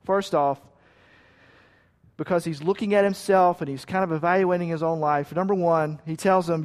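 A man preaching a sermon with emphatic repeated lists, sometimes dropping to a quiet hush. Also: a little high, fairly even intonation, moderate pace. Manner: drops to a quiet hush at key points. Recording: long reverb of a large hall.

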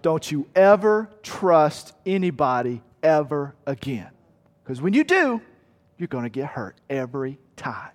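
A man's voice: fairly high pitch, very animated, measured pace. A preacher acting out a stern father who gives his son a harsh lesson. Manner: blunt, mock-stern. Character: stern father of a young boy, harsh teacher. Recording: long hall reverb.

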